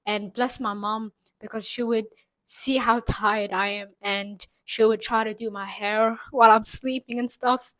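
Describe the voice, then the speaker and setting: A young Saudi woman vlogs a rambling, earnest motivational monologue straight to the camera, packed with asides and phrases like "like" and "you know what I'm trying to say." Her voice is on the high side, steady, a little slow, and a bit bright. The low-quality recording has no echo.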